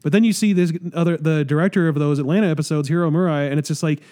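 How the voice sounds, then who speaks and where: A man on a casual podcast talks film with quick enthusiasm and wry asides. His voice is warm and smooth, and he moves at a brisk pace. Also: a little high. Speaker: podcast co-host. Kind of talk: casual chat.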